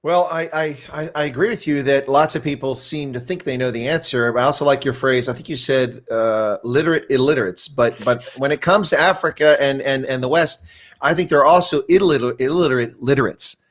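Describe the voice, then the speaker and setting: A man's voice: medium pitch, a little fast. Older man with a rambling storytelling manner. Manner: rambling storyteller, frequent restarts. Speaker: interview guest. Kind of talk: conversational interview.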